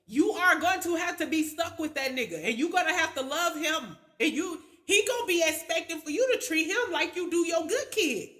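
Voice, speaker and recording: A woman's voice: very high voice, animated, moderate pace, hardly any pauses, a bit bright. A woman streamer telling a rambling, profane story to her viewers in a casual rant. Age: adult with children. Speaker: livestream host.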